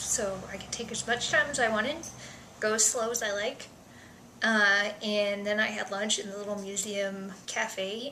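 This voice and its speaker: A young woman vlogger chatting casually through survey questions, self-deprecating, with soft mumbled asides. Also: mid-range voice, reverberant, a little hiss or hum, poor audio.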